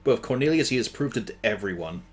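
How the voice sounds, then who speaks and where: Lively laughing male game master. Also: fairly low pitch, fast talker, very noisy. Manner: laughs often, animated. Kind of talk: narrating a tabletop game.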